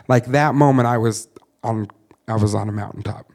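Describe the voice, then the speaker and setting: A man in his thirties tells his story as a missionary, earnest and candid, with quick laughs at his own expense. His voice sits at an ordinary middle pitch for a man. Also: a little mellow. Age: 30s. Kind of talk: personal testimony story.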